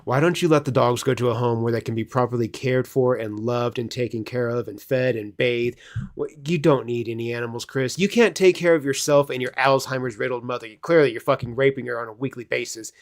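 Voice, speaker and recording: A man's voice: mid-range voice, brisk. A man doing profane, mocking reaction commentary on a live stream. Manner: angry, crude, mocking.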